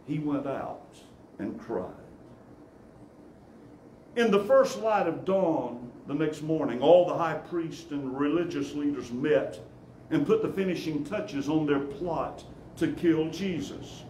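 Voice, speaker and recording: A man preaching in a church, telling scripture as a story at a very slow, deliberate pace. His voice sits a bit high and sinks low on solemn moments. The big room echoes, with faint ambience behind. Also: a little hiss or hum. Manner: storytelling, dropping low and quiet on solemn lines. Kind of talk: dramatic scripture reading in a sermon. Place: church sanctuary.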